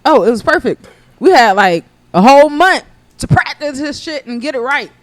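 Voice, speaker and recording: A woman chatting as a podcast guest, telling stories in an animated, profane way. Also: high-pitched, normal speed, no echo. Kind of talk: casual chat.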